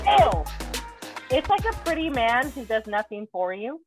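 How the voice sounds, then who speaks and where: A woman's voice: a little high, big pitch swings, normal speed, over music, low-quality recording. Joking woman podcast host. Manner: joking, acts out silly voices. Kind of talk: casual comedic chat.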